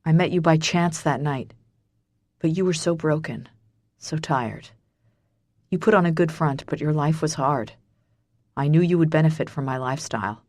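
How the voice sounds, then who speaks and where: Woman voicing a gravelly brooding mafia boss. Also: no echo, clean studio sound, natural voice. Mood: quiet. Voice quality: low and gravelly. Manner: quiet, clipped, bitter.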